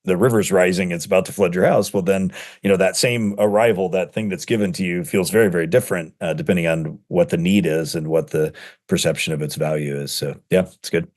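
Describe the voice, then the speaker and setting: A middle-aged man with a very low voice talks in an interview as a guest author. He rushes through thoughts in quick bursts, padding them with fillers and restarting sentences as he goes. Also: steady tone, darkish tone. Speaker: seminary professor. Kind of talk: conversational interview.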